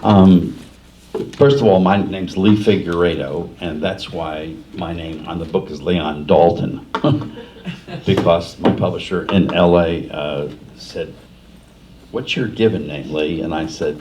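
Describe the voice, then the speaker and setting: An older New Jersey man, an author speaking at a library forum, tells rambling, self-deprecating stories in a casual way. His voice is deep and unhurried with a darkish tone. The recording comes from a library meeting room and sounds distant and muffled, with faint hiss.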